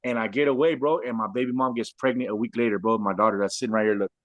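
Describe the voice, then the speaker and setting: A man from Southern California tells his life story in casual, animated speech, dropping "bro" every few words. His voice sits at an ordinary middle pitch. The recording is dry and close, with no room sound. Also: rapid-fire, dry recording. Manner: animated, says "bro" constantly. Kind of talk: casual storytelling with street slang.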